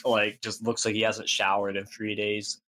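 A man's voice: lowish voice, completely flat delivery, moderate pace, pushed and bright. A young man co-hosting a podcast, rambling through a comic story with lots of fillers. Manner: rambling, filler-heavy, puts on voices in anecdotes. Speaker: podcast co-host. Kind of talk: casual comedic storytelling.

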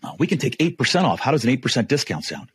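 Man doing a hesitant, stressed supplier salesman, high and pleading, a little breathy. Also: sing-song, rapid-fire, fairly bright tone, no echo, heavily acted. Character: nervous male supplier salesman.

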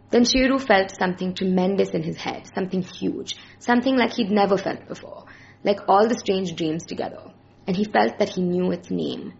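A woman narrating a short story in a plain, steady way as its reader. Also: mid-range voice, moderate pace, creaky, lo-fi sound. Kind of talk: scripted narration.

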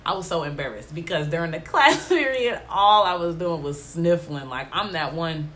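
A woman's voice: lowish voice, expressive, moderate pace, fairly bright tone. A young adult woman hosting a casual podcast, congested from allergies, talking in an emphatic, exasperated way full of slang fillers. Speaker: podcast host. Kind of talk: casual solo podcast chat.

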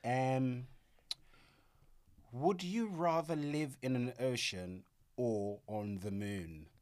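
A man's voice: medium pitch, extremely slow, a little mellow. A man co-hosting a casual podcast, joking and teasing in a playful way. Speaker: podcast co-host. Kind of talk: casual chat.

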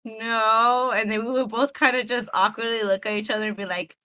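A young woman co-hosting a podcast, chatting casually in a soft, hesitant way that trails off. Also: mid-range voice, steady tone, fast talker, poor audio. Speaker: podcast co-host. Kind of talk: casual chat.

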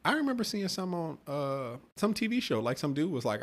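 A man's voice: a little high, sing-song, brisk. A man co-hosting a podcast, talking bluntly and profanely and pushing back in casual banter. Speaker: podcast co-host. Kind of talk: casual chat.

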